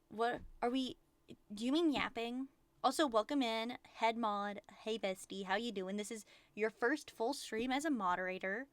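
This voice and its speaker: A woman VTuber chatting casually on a livestream, rambling excitedly and swearing often. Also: mid-range voice, moderate pace, no echo. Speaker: VTuber streamer.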